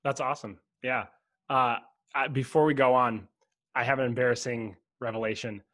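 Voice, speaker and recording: A man's voice: medium pitch, fairly even intonation, a bit bright. Joking young male podcast host. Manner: friendly, joking, quick to laugh. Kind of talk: casual interview chat.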